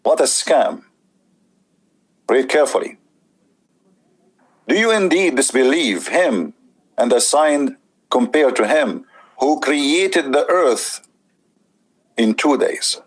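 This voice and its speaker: Male debate host with a husky voice, mid pitch, mocking and emphatic in his commentary. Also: animated, takes it slowly, long pauses, poor audio. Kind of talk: commentary on a played clip.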